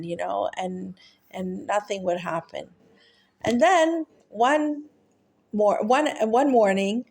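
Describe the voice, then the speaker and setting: A woman telling a heartfelt teaching story, halting often with fillers and restarts. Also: medium pitch, creaky, a little mellow. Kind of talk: storytelling talk.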